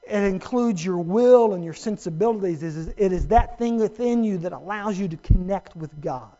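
A man's voice: high-pitched, moderate pace, mellow, lo-fi sound. A man preaching a sermon as pastor, emphatic and earnest with humorous asides to his congregation.

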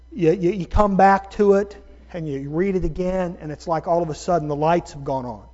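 A man with a high, light voice preaches with emphatic, drawn-out stresses, addressing his congregation as folks. The recording sounds dull and lo-fi. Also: a little mellow. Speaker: pastor. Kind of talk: sermon.

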